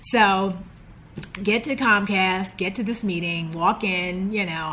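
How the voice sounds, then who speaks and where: A woman guest on a podcast telling a personal story in a casual, animated way and acting out the voices of people she quotes. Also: mid-range voice, measured pace, slight background noise. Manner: animated, acts out quoted dialogue.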